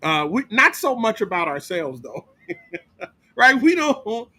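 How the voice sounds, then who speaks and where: A man's voice: high voice, sing-song, takes it slowly, sharp tone. A man pastor teaching a Bible study, emphatic and repetitive, often asking "right?" to his listeners. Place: church.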